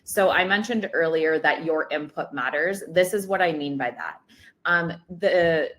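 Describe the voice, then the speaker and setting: Low-voiced woman presenting a webinar. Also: unhurried, fairly bright tone. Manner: casual, many ums and uhs. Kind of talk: product demo webinar.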